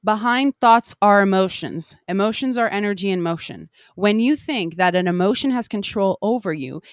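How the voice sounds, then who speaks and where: A woman's voice: mid-range voice, no room sound, studio quality. A young woman hosting a podcast, talking candidly in a casual spiritual monologue, swearing freely and acting out her own inner voices. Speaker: podcast host.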